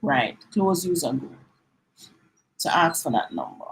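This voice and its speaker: A woman's voice: deep voice, huge pitch swings, unhurried, vocal fry, slight background noise, low-quality recording. Chatty Jamaican woman mixing in patois. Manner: chatty, mixes in patois, acts out little dialogues. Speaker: host of a live stream. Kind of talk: casual live-stream chat.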